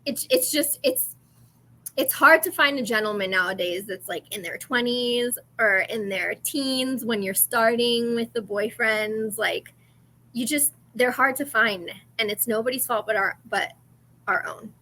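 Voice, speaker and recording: A woman's voice: on the high side, a little slow, sharp tone. A woman co-hosting a podcast, speaking earnestly in casual chat and weighing both sides of a point.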